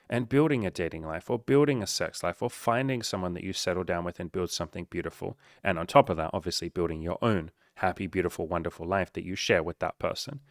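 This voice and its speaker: A man's voice: low voice, no room sound, clean studio sound. A man giving a blunt, profane tough-love coaching monologue to camera as a dating coach.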